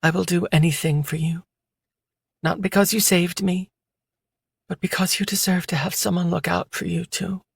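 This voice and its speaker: A man reading an audiobook voices a wounded young woman who speaks softly and pleads with quiet, loyal earnestness. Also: high-pitched, flat delivery, normal speed, vocal fry, pauses often, slightly rough, no room sound, clean studio sound, pitched above the performer's own voice, full character voice. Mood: earnest. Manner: soft, pleading. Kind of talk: audiobook character voice.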